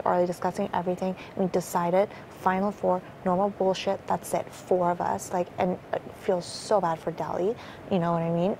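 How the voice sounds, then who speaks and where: A woman's voice: on the low side, gravelly, darkish tone, slight background noise, rough recording. A young woman talking strategy in a casual, rambling way, full of fillers and swearing. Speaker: reality show contestant.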